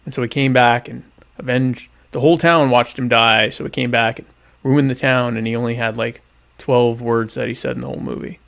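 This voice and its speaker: A young adult man hosting a podcast, answering listener questions in a deadpan, ironic, rambling way while eating dinner. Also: mid-range voice, brisk, vocal fry. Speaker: podcast host. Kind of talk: casual solo chat answering listener questions.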